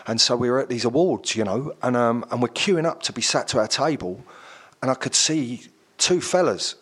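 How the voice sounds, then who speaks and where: A man's voice: medium pitch, moderate pace, a bit bright, husky. A middle-aged man, chatting casually as a guest and rambling through stories with lots of fillers. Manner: rambling storyteller with many fillers. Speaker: actor guest. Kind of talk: casual chat.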